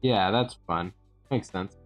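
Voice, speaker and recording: A man's voice: low-pitched, slow pace, highs cut off, soft background music. A man streaming while finishing an art piece, chatting casually in a playful, jokey way and stretching words for emphasis. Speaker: streamer and digital artist.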